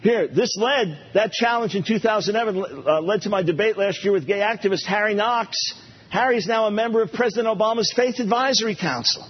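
Male preacher, husky and animated, playful repetition, muffled recording. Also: high-pitched, a little fast. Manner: animated, playful, repeats phrases for emphasis. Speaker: pastor. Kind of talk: sermon. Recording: dull lo-fi recording.

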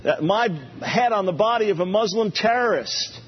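Male preacher, husky and animated, playful repetition, muffled recording. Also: high voice, moderate pace. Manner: animated, playful, repeats phrases for emphasis. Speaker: pastor. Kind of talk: sermon. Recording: dull lo-fi recording.

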